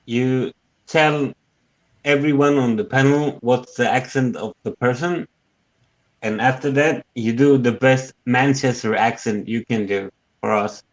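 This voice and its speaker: A man who learned as a chats on a call. He is friendly but hesitant, stopping often and swearing casually. His voice sits at an ordinary pitch. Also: unhurried, dull audio.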